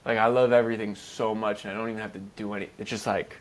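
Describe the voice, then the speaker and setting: A man's voice: fairly low pitch, little pitch movement, fast talker. A man co-hosting a podcast in casual chat, talking loosely with lots of swearing and "like" fillers. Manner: loose, profane, heavy "like" fillers. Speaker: podcast co-host.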